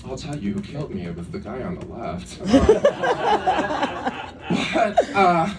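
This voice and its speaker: A man's voice: high voice, wildly swooping pitch, takes it slowly, over a noisy crowd. A man doing a stand-up comedy set in a club, campy and self-deprecating, chatting with lots of asides. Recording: echoey club room, distant mic, audience noise. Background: audience laughter.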